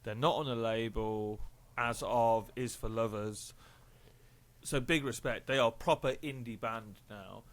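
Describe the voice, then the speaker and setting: A man's voice: medium pitch, fairly even intonation, a little slow, a bit bright. A man co-hosting a music podcast in casual chat, rambling and joking with lots of fillers and restarts. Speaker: podcast co-host.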